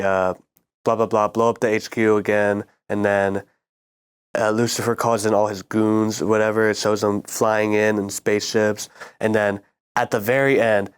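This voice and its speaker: A young man with a smooth, clean voice that sits a little low. He rambles through a casual chat in a laid-back way, full of fillers and loose run-on phrases. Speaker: student show panelist.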